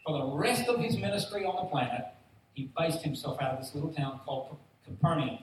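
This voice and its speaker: A man preaches to a congregation in a lively, storytelling way, acting out the people in his stories. His voice sits a little high for a man. The sound comes from a distant mic in a very echoey hall, with faint noise underneath. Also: brisk. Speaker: pastor. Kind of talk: sermon. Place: church hall.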